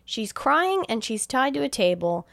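A woman co-hosting a casual chat show, retelling a film with quick voiced quotes, frequent laughs and swearing. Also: on the high side, sing-song, gravelly, fairly bright tone, no room sound, studio quality. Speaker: podcast co-host recapping a film.

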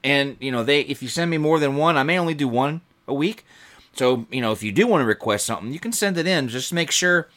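A relaxed man hosting a music radio show, talking in an easygoing, chatty way. His voice sits at an ordinary middle pitch, and he drifts loosely from one thought to the next. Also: fast talker. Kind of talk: casual radio DJ chat.

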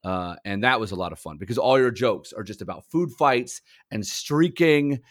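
With a fairly low voice at normal speed, this young male podcast co-host animatedly spins stories in casual conversation, frequently laughing and performing other people's lines.

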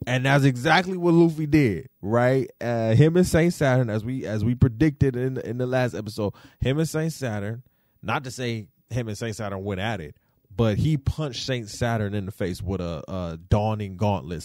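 A man hosting a podcast, giving casual, slangy commentary that swings into animated rants. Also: medium pitch, moderate pace, no room sound, clean studio sound. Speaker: podcast host.

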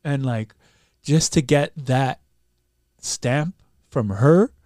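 Speaking extremely slowly at a medium pitch, this Canadian podcast guest casually recounts a story full of quoted dialogue. He's animated, curses often, and performs the lines of others, all captured in a clean, dry studio recording.

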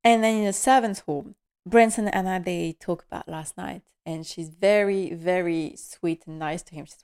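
A woman's voice: lowish voice, brisk, a little mellow. A woman hosting a podcast, chatting enthusiastically and laughing often as she recaps a TV episode. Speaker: podcast host.

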